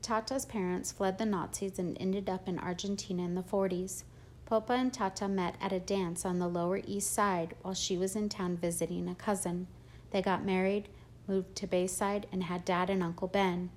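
Woman reading an audiobook, steady plain delivery, mid pitch, bit of hiss. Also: normal speed. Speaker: audiobook narrator. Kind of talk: first-person audiobook narration.

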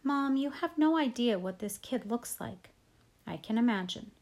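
A woman's voice: fairly high pitch, animated, normal speed, a little mellow. A woman voicing a blunt, exasperated middle-school boy in a storybook reading. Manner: exasperated, emphatic.

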